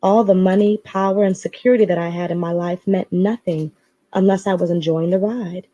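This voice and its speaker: A woman reading a novel aloud in expressive storytelling, now and then adding her own asides. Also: lowish voice, brisk, lo-fi sound. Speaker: story reader.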